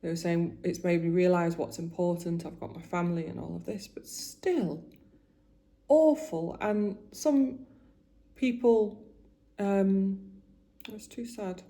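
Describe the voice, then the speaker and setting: Woman in her 40s chatting while doing make-up, lowish mellow voice, gets emotional and restarts a lot. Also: slow pace. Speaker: vlogger.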